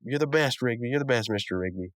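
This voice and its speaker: A man's voice: mid-range voice, quick pace, fairly bright tone, dry recording, studio quality, lightly acted. A man voicing an eager, easily impressed young male worker from a cartoon, gushing with awe. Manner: gushing, awestruck.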